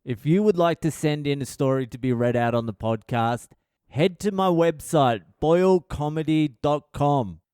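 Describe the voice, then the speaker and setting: A man's voice: a little high, moderate pace, a little mellow, smooth, dry recording. Middle-aged Australian male podcaster, crude and rambling, clean close voice, no room sound. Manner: profane, blunt, rambling. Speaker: podcast host. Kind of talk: casual storytelling monologue.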